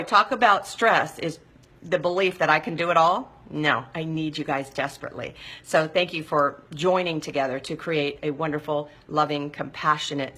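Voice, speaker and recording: A middle-aged woman hosting a live stream, reading viewer comments in a warm, effusive, encouraging way. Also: sits low. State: hot and sweaty, sighing.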